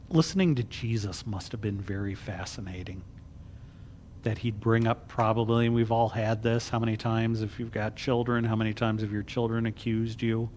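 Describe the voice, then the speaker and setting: A man's voice: medium pitch, a little hiss or hum. A man serving as a deacon, teaching a Bible class in a chatty, joking way with everyday asides. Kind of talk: casual Bible study teaching.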